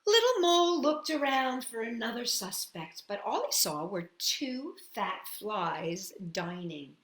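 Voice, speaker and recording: A woman storyteller reading a children's picture book aloud, expressive and full of sound effects. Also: fairly high pitch, a little slow, hardly any pauses. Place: at home. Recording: echoey room.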